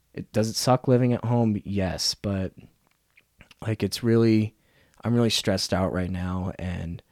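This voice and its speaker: A young man hosting his own podcast, talking casually and ranting with lots of profanity, getting loud and heated. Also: lowish voice, dry recording, clean studio sound. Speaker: podcast host. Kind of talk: casual solo podcast rant.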